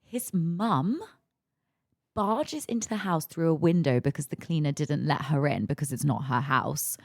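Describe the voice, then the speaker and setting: A young woman hosting a podcast, telling a story in a lively, emphatic rush and cursing freely. Her voice sits a little low for a woman. The sound is dry, with no room echo. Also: unhurried, gravelly. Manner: animated, emphatic, swears freely. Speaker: podcast host. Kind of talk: casual storytelling.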